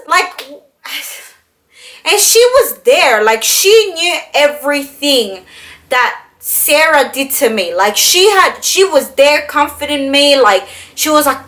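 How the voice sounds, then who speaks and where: High bright animated young woman. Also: unhurried. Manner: animated, swears freely, fillers of "like". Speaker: beauty vlogger. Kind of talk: casual storytime.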